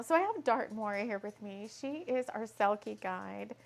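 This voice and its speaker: A woman's voice: on the high side, lively intonation, moderate pace, creaky, hardly any pauses. A woman hosting a casual spiritual craft session, chatty and giggling often as she repeats her ingredient list aloud. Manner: giggly, laughs often mid-sentence. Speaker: host.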